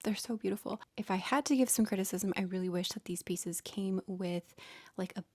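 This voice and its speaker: A young adult woman vlogger casually walking through her accessory collection, chatty and gushing, with many fillers and soft half-whispered asides. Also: mid-range voice, moderate pace, no echo. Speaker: fashion vlogger.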